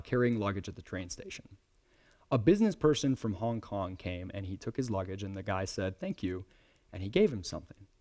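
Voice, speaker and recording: A man in his thirties speaks to a live audience at a conference, with a pitch of middle height for a man. His delivery is conversational and lively. He swings up and down in pitch and keeps checking in with the crowd. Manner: conversational, animated, keeps asking "right?". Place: conference presentation before a young audience.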